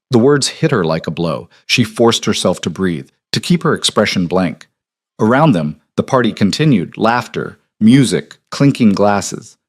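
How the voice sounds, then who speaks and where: A man narrating a historical romance audiobook in an even, measured storytelling manner. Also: on the low side, dry recording, studio quality.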